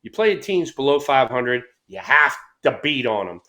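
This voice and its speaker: A middle-aged man co-hosts a casual baseball talk show, telling stories in a medium-pitched voice at normal speed. He's an animated storyteller who acts out voices and swears freely.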